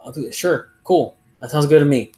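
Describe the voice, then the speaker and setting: A man's voice: a little high, brisk, warm tone, lightly acted. A man voicing a weary male job-seeker working in a chimp costume, speaking in a plain, agreeable tone.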